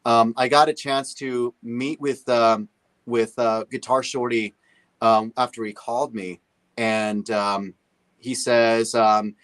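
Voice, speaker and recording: A man appearing as a guest musician on a talk show tells casual stories in an animated way, imitating others' voices. He talks slowly, at a medium pitch.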